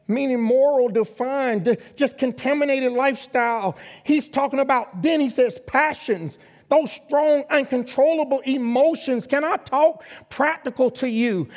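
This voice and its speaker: Man, very high voice, guest pastor, emphatic sermon, call-and-response, long hall reverb. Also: measured pace. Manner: emphatic preaching, rising to loud exhortation. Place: church sanctuary.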